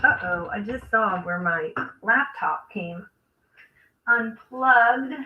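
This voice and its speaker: A woman's voice: a little high, takes it slowly, phone-quality sound. A woman hosting a live crafting stream, chatting casually and thinking aloud as she works. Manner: chatty, thinks aloud while working, trails off. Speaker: craft livestream host.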